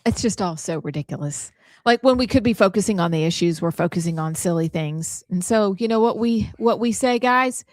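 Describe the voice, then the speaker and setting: A woman co-hosting a talk show, bantering in a playful, animated, teasing way. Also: medium pitch, a little fast, no echo. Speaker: co-host.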